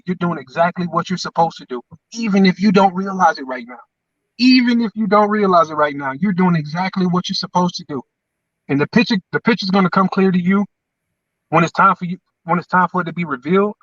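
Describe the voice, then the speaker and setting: A man's voice: high-pitched, steady tone, quick pace, a bit bright, no room sound, recorded from a distance, muffled recording. A man, co-hosting and talking in an emphatic, repetitive, preacher-like way. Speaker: podcast co-host. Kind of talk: motivational casual chat.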